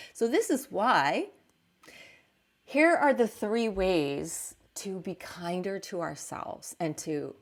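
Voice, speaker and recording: A woman life coach giving a gentle, encouraging self-help talk, sometimes acting out the worried inner voice and a kinder reply. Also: medium pitch. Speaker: life coach and podcast host.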